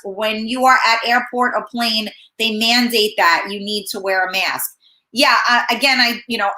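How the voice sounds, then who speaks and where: Bright-voiced woman hosting a live chat. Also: on the high side. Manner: chatty, reads comments aloud, hesitant with many fillers. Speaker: talk show host. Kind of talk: casual live-stream chat, reading viewer comments aloud.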